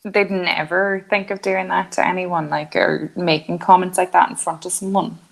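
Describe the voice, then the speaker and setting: A woman's voice: on the low side, level tone, moderate pace, vocal fry. Chatty young woman telling a story. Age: 20s. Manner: storytelling, acting out quotes, laughing often. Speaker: podcast co-host. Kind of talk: casual chat.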